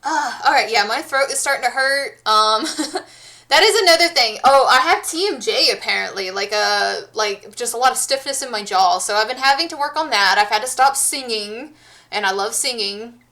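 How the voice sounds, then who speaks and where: Woman, 30s, streamer, casual chat, rambling, lots of fillers, slightly high voice, bright tone. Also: moderate pace. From United States. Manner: rambling, many restarts and fillers.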